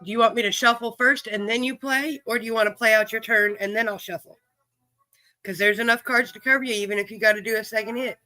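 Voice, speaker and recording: A woman's voice: on the high side, steady tone, fast, sharp tone, no room sound, poor audio. A woman hosting a live stream card game, chatting with viewers in a folksy, teasing, profane way while coughing and short of breath. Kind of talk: casual chat with viewers.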